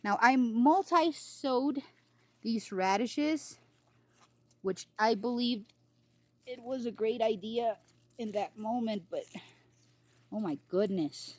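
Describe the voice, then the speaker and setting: A woman's voice: a little high, slow pace, long pauses, no echo. A woman giving a casual garden tour in her vlog, giddy and giggly, outdoors in her home garden. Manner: giddy, giggly, over-excited. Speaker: gardening vlogger.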